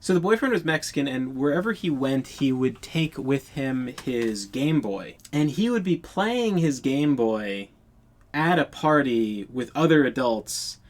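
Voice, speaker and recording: A man's voice: medium pitch, expressive, measured pace. A young man telling a casual storytime anecdote in a blunt, profane, incredulous way.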